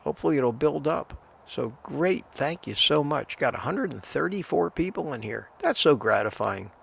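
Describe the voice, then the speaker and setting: A man's voice: a little high, animated, moderate pace, vocal fry, fairly bright tone, breathy edge. An older man hosting a live stream, chatting casually, giving advice and greeting viewers by name. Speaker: livestream host answering viewer chat.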